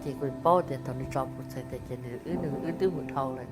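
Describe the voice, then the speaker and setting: A woman's voice: rumbling low, racing, over loud music. A woman giving an earnest, emotional interview testimony.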